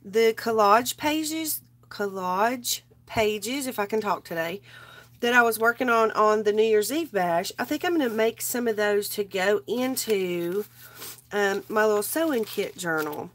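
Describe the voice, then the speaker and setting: A woman's voice: mid-range voice, lively intonation, normal speed. Woman, craft live host, sick and strained, loose chatty rambling. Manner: rambling, greets viewers by name. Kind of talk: casual live chat while crafting.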